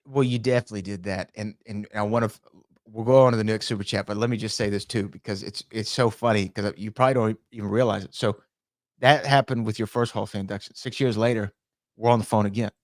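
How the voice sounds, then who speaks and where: A man co-hosting a podcast, telling stories in a lively way and reading out viewer comments. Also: on the low side, fast talker, no echo, studio quality. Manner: lively storytelling, acts out phone calls. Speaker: podcast co-host.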